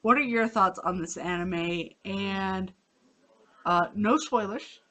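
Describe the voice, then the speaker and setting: A woman's voice: medium pitch, slow, fairly bright tone. A woman giving a casual anime review on her own channel, rambling with many fillers and restarts, a little sleepy. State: sleepy, yawning.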